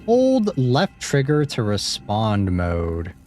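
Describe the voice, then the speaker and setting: Lively low-voiced man streaming a game. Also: slow. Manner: animated, wry, reads prompts aloud. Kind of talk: casual let's-play commentary.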